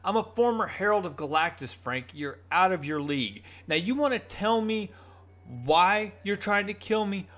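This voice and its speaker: Man retelling as cocky cosmic antihero, higher voice. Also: expressive, normal speed, a bit bright. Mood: irritated.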